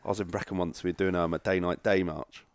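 A man's voice: low voice, fairly even intonation, fast talker, no echo, studio quality. A man hosting a casual podcast interview, chatting in a matey, sweary way. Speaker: podcast host.

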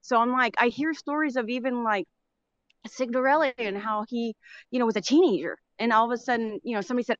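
Middle-aged woman caller, higher voice, rambling and emotional, dull dry phone-call sound. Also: fast, no room sound. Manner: rambling, emotional, frequent fillers and nervous laughs. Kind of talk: call-in conversation. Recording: dull lo-fi line.

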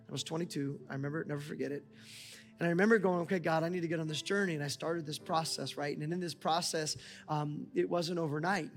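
A pastor in his forties preaches with fervor and his voice sits on the higher side. He climbs into near-shouted prayers, and the long reverb of a large church hall rings around him with soft music underneath. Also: fairly even intonation, fast. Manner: impassioned, rising to near-shouts, talks to God aloud. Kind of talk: sermon. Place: church auditorium.

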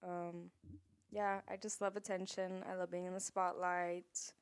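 A woman's voice: lowish voice, flat delivery, a little slow, clear, resonant tone. Joking woman from Texas. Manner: jokey and teasing, laughs often. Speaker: podcast co-host. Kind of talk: casual chat.

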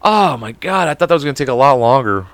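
An American man hosts a comedy podcast alone, tripping over his reading and cursing freely as he wanders off topic. His pitch swings in a wide, lively way, and his voice has a bright, forceful edge. The recording is dry and close, with almost no room sound. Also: fast talker, no room sound. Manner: profane, goofy, drifts off topic, puts on silly voices; stumbles over words while reading. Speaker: podcast host. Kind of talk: rambling comedic podcast monologue.

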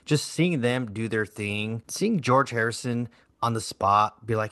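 A man co-hosting a podcast in casual chat, relaxed and full of fillers. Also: fairly low pitch, normal speed, no echo. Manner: relaxed, filler-heavy talk. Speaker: podcast co-host.

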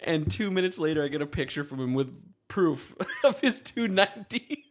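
Man, twenties, podcast co-host, casual chat, animated storytelling, mimics voices. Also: on the high side, moderate pace, slight background noise. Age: 20s.

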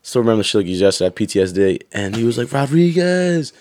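A young man telling stories in a casual chat, animated and swearing, acting out drill instructors. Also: lowish voice, racing. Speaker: guest.

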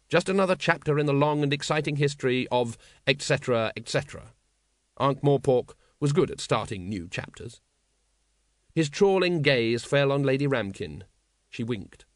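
A man reading an audiobook, a measured, wry scripted narration. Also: medium pitch, no echo, clean studio sound.

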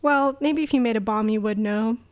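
A woman's voice: a little high, fairly quick. Rambling young woman recapping a movie. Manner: rambling, giggly, swears freely. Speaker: podcast co-host. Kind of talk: casual comedic movie recap.

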